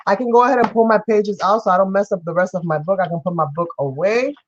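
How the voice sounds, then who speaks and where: In a muffled recording with slight background noise, a New York woman chats casually during her craft stream. She speaks at medium pitch and a quick pace, effusively greeting viewers and thanking them by name.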